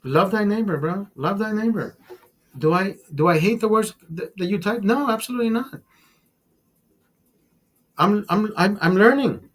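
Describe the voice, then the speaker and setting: His husky, high-pitched voice has lively intonation, a moderate pace and long pauses. He's a livestream host on a casual, heavily sworn rant, repeating words and frequently calling the audience brother.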